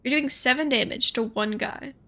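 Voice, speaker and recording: A young woman with a fairly high, bright voice gives loose, chatty commentary as she plays. She thinks aloud, muses in quick asides and talks to herself about her next moves. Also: creaky. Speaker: gaming streamer. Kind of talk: casual gameplay commentary.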